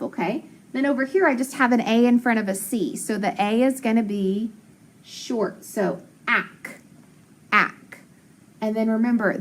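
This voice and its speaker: Woman teacher leading a phonics lesson; patient, sounds out syllables slowly, answers her own questions. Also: a little high, slight background noise. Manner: slow, patient, drawn-out sounding of letters and syllables; asks questions and answers them herself.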